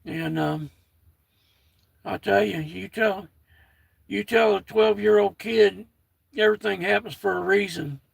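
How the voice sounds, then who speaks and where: A man's voice: high-pitched, steady tone, a little slow, vocal fry, pauses often, husky, no room sound. An older American man with a folksy manner, chatting casually on his own livestream and reading out viewer comments. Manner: folksy, reads out viewer comments, warm toward chat. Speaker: livestream host.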